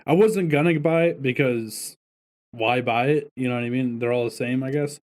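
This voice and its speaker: A man's voice: medium pitch, moderate pace. A man co-hosting a podcast, chatting in a laid-back, offhand way. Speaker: podcast co-host. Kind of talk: casual chat.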